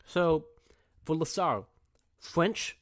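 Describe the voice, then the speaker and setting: A man's voice: on the high side, lively intonation, takes it slowly. Casual young male teacher. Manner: casual, repeats points and checks in with "okay?". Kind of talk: recorded classroom review lecture.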